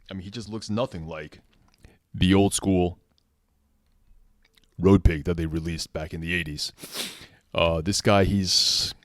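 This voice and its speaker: A man's voice: on the low side, dry recording, studio quality. A man giving a casual, unscripted toy review, rambling and restarting his sentences with conversational asides.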